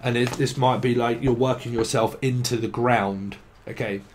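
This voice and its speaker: Man, tarot reader, rambling, casual, mid-pitched voice. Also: steady tone, normal speed, a little hiss or hum. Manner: rambling, swearing, breaks into sing-song chanting. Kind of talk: casual psychic reading monologue.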